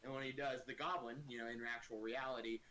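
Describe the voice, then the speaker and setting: Bright-voiced man running a tabletop game. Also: mid-range voice, fairly even intonation, quick pace, slight background noise. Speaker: game master.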